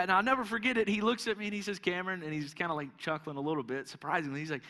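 A young man preaching a sermon, telling a story with lively energy and often repeating words as he starts a thought. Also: high-pitched, rapid-fire, hardly any pauses. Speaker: pastor. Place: church hall. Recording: long reverb of a large hall.

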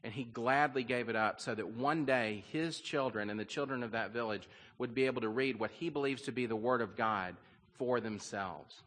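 A man's voice: mid-range voice, moderate pace, a bit bright. A man preaching a sermon, telling a story in an earnest, conversational way with frequent fillers. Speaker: pastor. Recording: long reverb of a large hall.

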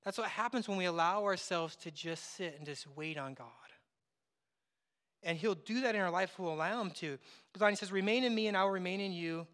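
A man pastor preaching a conversational sermon, acting out bits of dialogue and dropping from loud to hushed. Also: sits high, brisk. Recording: long hall reverb.

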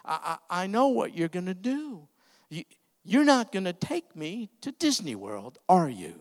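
A man's voice: high voice, very animated, measured pace, heavily acted. A man voicing a frightened, tearful adopted little girl within a sermon story. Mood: anxious.

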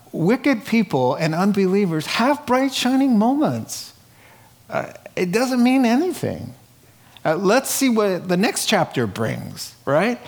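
A man preaching a conversational sermon to a live congregation in a church, asking rhetorical questions and often adding "right?". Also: mid-range voice. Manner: chatty, asks rhetorical questions, frequent "right?". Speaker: pastor.

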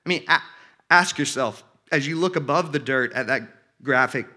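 Bright-voiced preaching man. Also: mid-range voice, moderate pace. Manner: earnest preaching, rising in force when reading scripture aloud; repeats words and restarts phrases. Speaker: pastor. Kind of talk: sermon.

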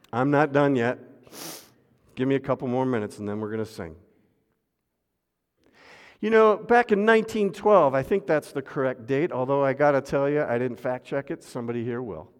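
A man preaching a sermon as pastor, swinging from loud refrains to hushed asides and calling on the congregation to repeat after him. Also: mid-range voice. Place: church sanctuary. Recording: long hall reverb.

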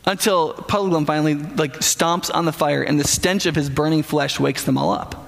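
A man's voice: on the high side, steady tone, a little fast, gravelly, long reverb tail. A man preaching a sermon in a conversational way, often stammering and restarting and putting questions to the listeners.

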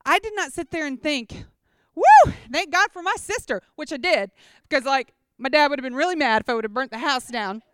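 A woman giving a chatty, animated personal testimony to a gathering, often checking in with listeners. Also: high-pitched, fast talker, few pauses. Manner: chatty, animated storytelling with props. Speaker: speaker at a church gathering.

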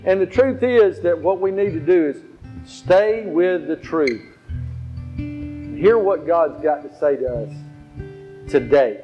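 The preacher's voice is a little high and animated, and he speaks slowly with long pauses. His sermon uses stories and repeated phrases for emphasis. A faint guitar sits under the slightly dull audio.

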